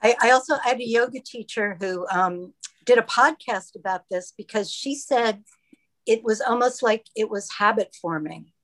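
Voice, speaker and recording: A woman taking part in a group discussion over a video call, speaking in a thoughtful, slightly halting way. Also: fairly high pitch, a bit bright, no room sound, rough recording. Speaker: group participant.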